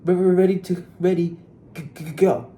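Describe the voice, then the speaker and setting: A man's voice: high-pitched, fairly even intonation, measured pace, dark tone, voice pushed up. A man voicing a small, timid storybook piglet who stammers nervously. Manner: stammering, hesitant.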